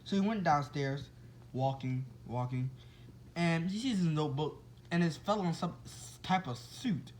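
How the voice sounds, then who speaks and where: Man telling a made-up story off the cuff, rambling and chatty, slightly high-pitched. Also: expressive, a little slow, a little hiss or hum, rough recording. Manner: rambling, with restarts and asides to listeners. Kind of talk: casual improvised fan-fiction storytelling.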